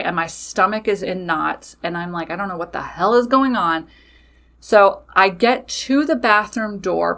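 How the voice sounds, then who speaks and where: A woman tells a personal story on her podcast, with a bright, forward voice. She talks in a candid, animated way and swears casually as she goes. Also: medium pitch. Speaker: podcast host.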